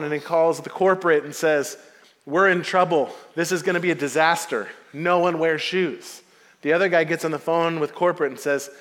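A man's voice: on the high side, fairly bright tone. A man preaching a sermon as pastor, in a casual, storytelling way with frequent laughs. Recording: long hall reverb.

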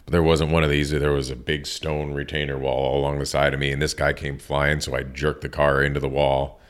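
A man with an extremely low, rumbling voice tells stories in a casual interview. He swears freely and acts out the people he quotes. He is in his thirties and works as a tattoo artist. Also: fairly quick. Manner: profane, animated storyteller acting out quotes.

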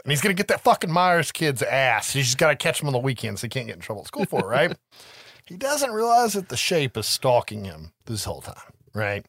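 Recapping a horror film one scene at a time, this medium-pitched man curses liberally and performs the characters' dialogue in animated, profane fashion. The studio-quality recording has no echo.

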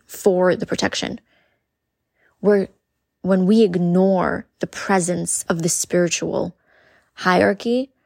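A woman's voice: lowish voice, gravelly, no room sound, studio quality. A woman podcast host giving an earnest spiritual coaching talk, repeating phrases and speaking directly to her listeners.

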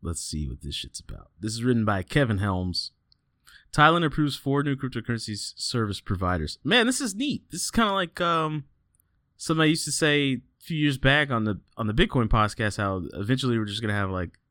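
Animated man hosting a casual podcast. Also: mid-range voice, fairly quick, no echo, clean studio sound. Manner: animated storyteller, swears freely, laughs often. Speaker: podcast host. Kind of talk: casual podcast chat and headline reading.

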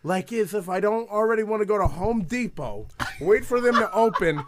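A stand-up comedian tells a story during a relaxed podcast chat, swearing and laughing along the way. His voice is high-pitched and expressive at a moderate pace, recorded with no echo on a studio mic on camera.

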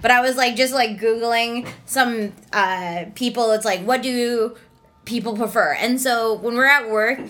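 Bright-voiced woman chatting on a podcast. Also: fairly high pitch, unhurried. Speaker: podcast co-host. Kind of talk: casual chat.

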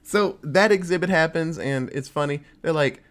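A man casually recapping a TV episode with a co-host, telling it in an animated way and popping into quick voices for the characters. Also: fairly high pitch. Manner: animated storytelling with quick voice switches for quoted characters. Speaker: podcast co-host.

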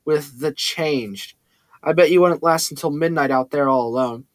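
A man's voice: fairly high pitch, moderate pace, no room sound, close to an everyday voice. A cool, commanding woman, read by a man. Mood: menacing. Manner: cool and cold.

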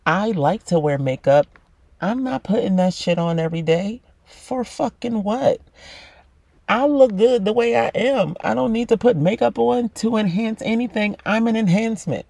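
A man's voice: high-pitched, moderate pace, creaky, a little mellow, dry recording. A man giving a blunt, swear-filled motivational monologue about self-love, talking straight to the listener. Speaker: self-help podcaster.

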